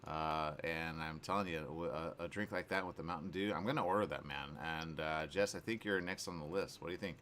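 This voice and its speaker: Speaking fairly quickly with hardly any pauses, this very deep-voiced man hosts a morning radio talk show from the studio. His chat is casual, animated and rambling, packed with fillers and restarts.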